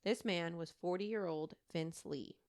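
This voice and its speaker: Speaking a little slowly in a fairly low, darkish voice, a woman in her thirties co-hosts a podcast and tells a true crime case. Her delivery is chatty and casual, with lots of fillers and laughing asides.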